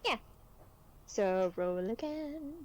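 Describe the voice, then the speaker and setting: A woman playing a tabletop game who is excitable, laughs, and describes her character's moves. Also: a little high, extremely slow, low-quality recording. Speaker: player. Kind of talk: casual tabletop play.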